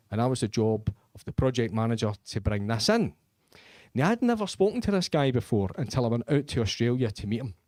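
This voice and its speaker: A man's voice: mid-range voice, a little mellow, no echo, studio quality. A man doing crude, self-mocking live stand-up comedy in a comedy club.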